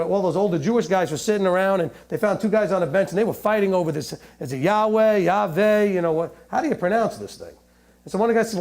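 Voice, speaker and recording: A man's voice: high-pitched, darkish tone. A man teaching a sermon, reading scripture aloud and explaining it in a chatty, joking way, often checking in with "okay?". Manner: joking asides, laughing at his own humor. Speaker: Bible teacher.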